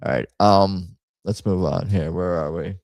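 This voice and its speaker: A man's voice: sits low, unhurried, vocal fry, darkish tone, dry recording. A man hosting a casual livestream, rambling through memes with wry asides and frequent restarts. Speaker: host.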